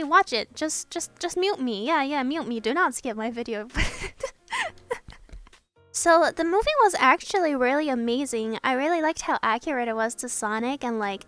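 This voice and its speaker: A young woman chatting casually in a voiceover, an excitable fan gushing about a film, swearing now and then. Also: high-pitched, clear, resonant tone, no room sound. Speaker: artist narrating a speedpaint. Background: soft background music.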